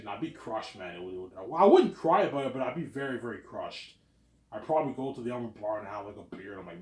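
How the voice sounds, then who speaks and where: A man's voice: on the low side, sing-song, quick pace, a little mellow. A man, around thirty, rambling in a casual, self-assured monologue and tacking "obviously" and "man" onto his sentences. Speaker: vlogger. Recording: roomy echo.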